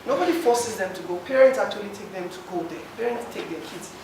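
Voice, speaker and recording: This man from Nigeria has a high voice with vocal fry, and he talks fast and animatedly. At a public forum he makes an impassioned comment, emotionally pleading his case to the room through a handheld mic, captured distantly in an echoing, noisy hall.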